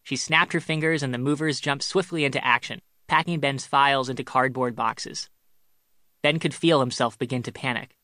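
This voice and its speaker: A man narrating a comic short story in a wry, measured way. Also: medium pitch, fairly even intonation, sharp tone, dry recording, studio quality.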